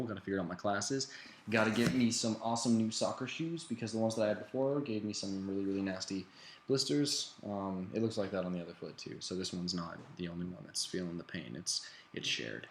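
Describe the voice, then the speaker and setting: Low-voiced young man rambling to camera. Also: slight background noise. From United States. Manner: rambling, self-deprecating, restarts phrases. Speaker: exchange student vlogger. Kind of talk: casual video diary. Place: indoors at home, living room.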